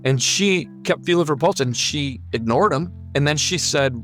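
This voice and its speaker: A man's voice: on the high side, normal speed, a bit bright, soft background music. A man telling his own near-death story in an earnest, vivid and emphatic way. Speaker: guest sharing a near-death testimony. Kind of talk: personal testimony storytelling.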